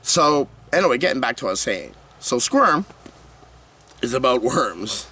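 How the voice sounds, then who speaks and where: A man's voice: mid-range voice, big pitch swings, normal speed, pushed and bright, husky, distant mic. A man giving a rambling, jokey horror movie review, breaking into panicked screaming skits. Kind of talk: comedic movie review vlog.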